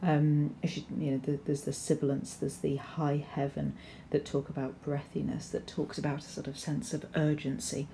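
A woman's voice: sits low, completely flat delivery, moderate pace, vocal fry, few pauses, warm tone, slight background noise. A woman teaching a recorded poetry lesson over slides, explaining steadily with frequent ums and restarts. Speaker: English teacher.

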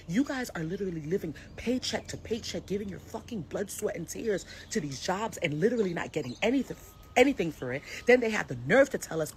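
Woman from the US, low register with lively swings, heated live-stream rant, profane and direct. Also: a little fast, a little hiss or hum. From United States. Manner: heated, blunt, swears freely, talks to viewers directly.

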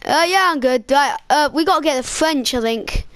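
High-voiced woman in casual game role-play. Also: expressive, moderate pace, a bit bright. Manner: hesitant, many fillers.

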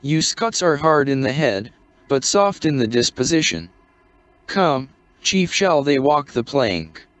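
A man playing a gruff blustering sea captain. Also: medium pitch, sing-song, a little slow, fairly bright tone, dry recording. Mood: teasing. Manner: curt, blustering, mock-severe. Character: gruff stern middle-aged male ship's captain. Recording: dull, muffled lo-fi recording.

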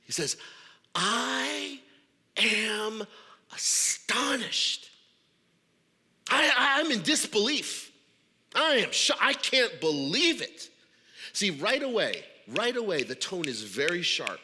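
A congested man preaching a sermon in an animated, stammering way, often repeating words. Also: high-pitched, long reverb tail. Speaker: pastor. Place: church auditorium.

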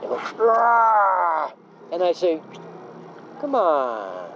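A woman's voice: medium pitch, unhurried. A woman chatting playfully with a child in simple, broken English. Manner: simple broken English, playful and animated, makes animal sounds. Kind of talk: casual chat. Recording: dull lo-fi with faint traffic.

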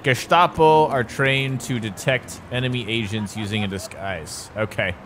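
A young man giving excitable, joking gameplay commentary. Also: mid-range voice, moderate pace, noisy background. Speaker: YouTuber. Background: game music.

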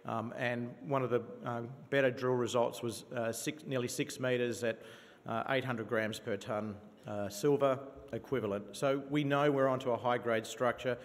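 A man with a New Zealand accent pitches his company to investors in a conference venue, his voice carrying a long hall reverb. His pitch sits mid-range, and he talks with eager enthusiasm, often stopping to restart a phrase with an "uh". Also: steady tone, normal speed. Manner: enthusiastic, with frequent fillers and restarts. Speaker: company presenter.

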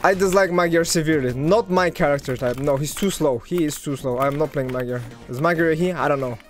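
A man giving excitable live commentary over his own gameplay, talking to his viewers and swinging from loud hype to low muttering. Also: brisk, soft background music. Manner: talks to viewers as "guys". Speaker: gaming video creator.

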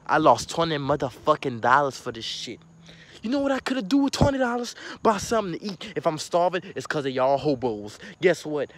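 Profane ranting man, lively pitch. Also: a little fast, slight background noise. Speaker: disappointed fan. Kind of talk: angry rant.

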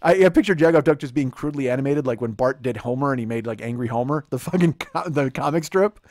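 Speaking fast with a mid-range, darkish voice into a close studio microphone with no room sound, a man in his forties rants through a casual comedic chat on his podcast. His delivery is rambling and profane, and he mocks people by putting on quotes.

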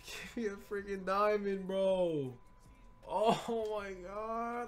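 A young man giving excited, pleading commentary while opening game card packs, swinging from low mutters to loud shouting. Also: slow, music in the background. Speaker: gaming YouTuber.

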